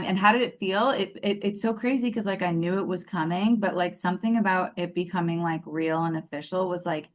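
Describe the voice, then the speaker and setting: A woman in her thirties guesting on a podcast, telling her story in a rambling, earnest way full of fillers and restarts. Her voice sits on the low side for a woman. She speaks casually and sincerely about being grateful to her coach. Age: 30s.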